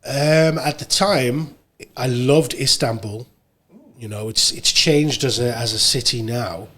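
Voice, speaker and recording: English male guest, medium voice, relaxed anecdotal chat. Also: medium pitch, slow. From England. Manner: relaxed storytelling, animated when quoting others. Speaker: guest, radio presenter and producer. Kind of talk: casual conversation.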